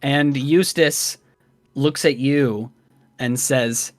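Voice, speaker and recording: Slow-talking young man narrating as game master. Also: mid-range voice, no echo, faint music behind. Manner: unhurried, descriptive. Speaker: dungeon master.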